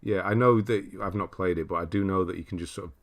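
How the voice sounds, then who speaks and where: Speaking at a quick pace, a British livestream host works through viewer comments, reading each aloud. His low, deep voice carries an easygoing, chatty tone punctuated by frequent laughter.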